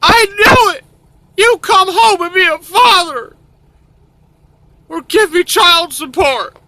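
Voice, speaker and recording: A man plays a shrieking young woman from a trash talk show. She is shrill and demanding, pitched far above a man's voice, with a bright, cutting edge. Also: slow, slight background noise, exaggerated voice.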